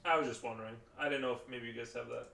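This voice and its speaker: On his live stream, a man rambles casually in a mid-range voice that is steady, rapid-fire, creaky, and sharp, full of fillers and restarts. The audio sounds roomy from a distant mic, with some faint background noise.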